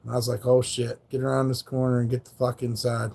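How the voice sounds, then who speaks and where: Gravelly man telling a rambling story. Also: mid-range voice, flat delivery, fast talker, a little mellow. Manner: profane, rambling storyteller with slangy speech. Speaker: livestream host. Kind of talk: casual livestream storytelling.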